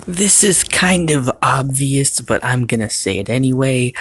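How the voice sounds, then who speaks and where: This male YouTube reviewer speaks with a husky, medium-pitched voice at a measured pace, recapping a cartoon series with playful humor and asides aimed at his audience. The recording is dry, and his delivery builds in volume and energy toward the climax.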